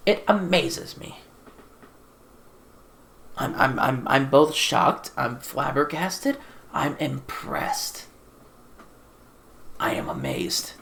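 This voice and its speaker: A woman sits at home with a desktop USB microphone and rants through a casual film review. Her low-set voice swings widely in pitch as she repeats herself in disbelief, swearing freely. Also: slight background noise. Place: sitting in a chair at home.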